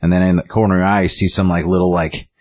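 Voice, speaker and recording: A deep-voiced man talking casually about a comic book, rambling and filling his talk with likes and ums. The sound is dry and close, like a small room. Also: flat delivery, racing, a little mellow, no room sound. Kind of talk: casual chat.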